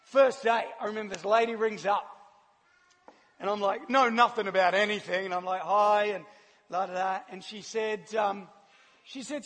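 A man with a New Zealand accent preaches and tells his own story in an animated, laughing way. His voice sits high and sounds husky. It rings out with a long reverb, as if in a large hall. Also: normal speed. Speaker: church speaker. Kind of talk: sermon with personal testimony.

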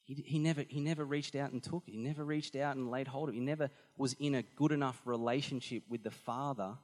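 A man preaching a sermon, animated and emphatic, often repeating phrases for effect. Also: mid-range voice, quick pace. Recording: long hall reverb.

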